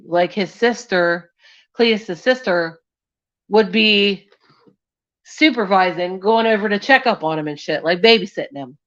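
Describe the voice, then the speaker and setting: A woman's voice: mid-range voice, measured pace, a bit bright. A woman hosting a true crime live stream, telling the case in a loose, sweary and distracted way. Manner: loose, sweary and distracted, scolding a cat mid-story. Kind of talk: casual live-stream storytelling. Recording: dull lo-fi stream audio.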